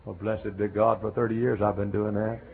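Gravelly Southern preacher man. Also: on the low side, little pitch movement, brisk. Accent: Southern American. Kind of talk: sermon storytelling. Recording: tinny lo-fi phone-like recording.

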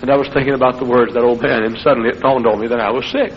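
A middle-aged man preaching an impassioned revival sermon that builds into shouting. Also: medium pitch, fairly even intonation, racing, slight background noise. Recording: muffled old sermon recording.

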